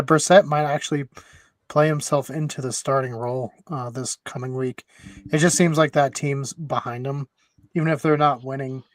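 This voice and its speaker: This is a man hosting a casual sports podcast from a remote call mic. His voice sits at a middle pitch and is easygoing and chatty. The recording is dry, with no room ring. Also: dry recording. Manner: easygoing, chatty, laughs often. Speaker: podcast host.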